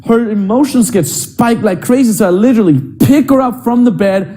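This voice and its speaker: Man, young adult, dating coach, blunt, profane, high-pitched, warm dark tone. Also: a little fast. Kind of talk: coaching monologue.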